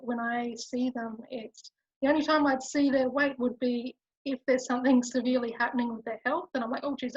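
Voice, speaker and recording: A woman with a husky, slightly high voice, speaking earnestly as a guest psychologist. She comes through a dull, dry video call line with no room sound. She reflects on her points as she goes. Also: no echo. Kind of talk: informal webinar conversation.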